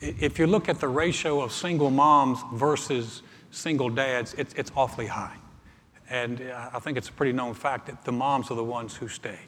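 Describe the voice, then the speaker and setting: Pastor preaching in a reverberant church. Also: male voice, mid-range voice, a bit bright, slight background noise. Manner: conversational, joke-telling, halting restarts. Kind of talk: live sermon. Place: church sanctuary. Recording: live church recording with long reverb.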